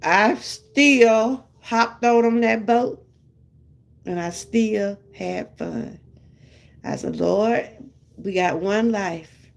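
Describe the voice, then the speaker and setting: An older woman with a Southern US accent talks straight to her viewers in a relaxed, chatty way. Her voice sits at a middle pitch, and she laughs often between her stories. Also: very slow, vocal fry, pauses often. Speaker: vlogger chatting with live viewers. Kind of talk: casual live-stream chat.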